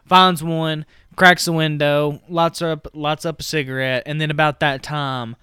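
A man's voice: a little high, flat delivery, measured pace, pushed and bright, smooth, no room sound, studio quality. A man co-hosting a podcast, casually retelling a film's plot and filling his talk with "like" and "you know.". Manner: rambling, heavy on "like" and "you know". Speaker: podcast co-host. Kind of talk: casual movie recap.

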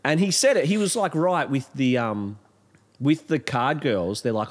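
A man's voice: a little high, animated, moderate pace. A man with an Australian accent, bantering casually and mockingly with a co-host, swearing freely. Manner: jokey, swears, mocks in put-on voices. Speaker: podcast co-host. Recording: roomy long reverb.

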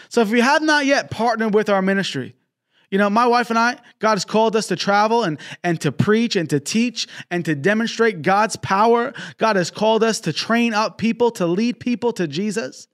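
High-voiced fervent male preacher. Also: normal speed, fairly bright tone. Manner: fervent, peppered with exclamations of praise; storytelling with quoted dialogue. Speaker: traveling preacher. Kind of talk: preaching and donation appeal. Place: broadcast.

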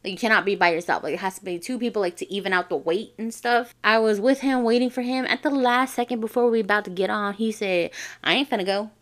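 A woman from the Navajo Nation, hosting a vlog and telling funny personal stories in a lively, slangy way. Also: mid-range voice, fast, few pauses. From Navajo Nation, US Southwest. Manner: animated, slangy, acts out quotes. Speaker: vlogger host. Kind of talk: casual comedic storytelling.

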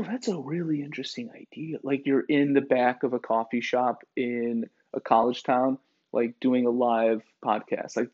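A man hosting a podcast, ranting in a sarcastic, profane, rambling way full of fillers. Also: medium pitch. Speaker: podcast host. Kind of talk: casual ranting monologue. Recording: dull lo-fi recording.

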